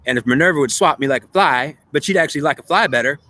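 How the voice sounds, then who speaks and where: A man's voice: fairly high pitch, quick pace, pushed and bright. A man giving a rambling spiritual monologue, repeating himself and arguing with himself in questions and answers. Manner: repetitive, circling back on his own points. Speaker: spiritual speaker.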